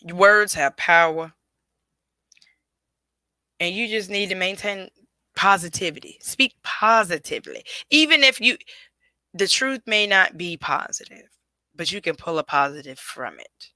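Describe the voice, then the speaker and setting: Bright, emphatic woman podcast host. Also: on the low side, animated, a little slow, long pauses, no room sound. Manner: emphatic, preachy, addresses listeners directly. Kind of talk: solo podcast talk.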